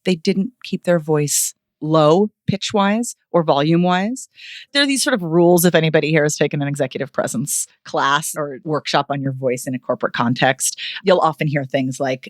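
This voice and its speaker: A woman vocal coach speaking as a podcast guest, expressive and animated, with playful ironic asides. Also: deep voice, normal speed, no room sound, clean studio sound. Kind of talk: podcast interview.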